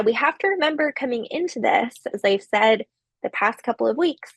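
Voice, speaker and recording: A woman giving a recorded literature lecture, explaining slowly with occasional fillers. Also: a little high, gravelly, slightly rough, no echo.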